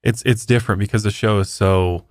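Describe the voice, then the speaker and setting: A man co-hosting a podcast in casual chat, relaxed and easygoing, with hesitant fillers. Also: fairly low pitch, a little fast, no echo, studio quality. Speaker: podcast co-host.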